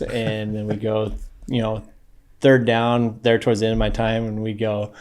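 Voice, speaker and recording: Male podcast guest, California-raised ex-athlete, relaxed storyteller who laughs a lot. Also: fairly low pitch, normal speed. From California, USA. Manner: laughs often while telling stories, loose and easygoing. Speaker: podcast guest, former pro football player. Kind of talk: casual interview storytelling.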